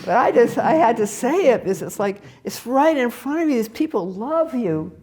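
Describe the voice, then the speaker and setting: A woman's voice: a little high, lively intonation, normal speed, darkish tone. An older woman Zen teacher giving a candid, laughing, conversational dharma talk and answering questions. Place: meditation hall.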